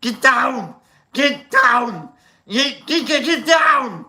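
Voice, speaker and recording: A man impersonating a loud, musclebound action-hero man, singing in a booming, shouted voice. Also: lively intonation, drawn-out words, background noise, full character voice.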